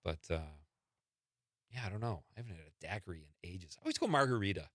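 Male radio host, bright, dry studio sound, relaxed and chuckling. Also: low-pitched, fast talker, dry recording. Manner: easygoing, chuckling, reads texts aloud. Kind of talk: late-night call-in radio chat. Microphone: studio microphone.

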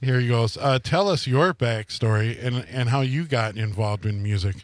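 A man's voice: medium pitch, normal speed, no echo, clean studio sound. Friendly male radio co-host. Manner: friendly interviewer asking questions. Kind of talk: casual radio interview.

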